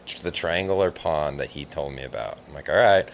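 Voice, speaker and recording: Very deep-voiced man telling a rambling story. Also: brisk, gravelly, a little hiss or hum. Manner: rambling, animated, heavy use of "like". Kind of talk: casual storytelling chat.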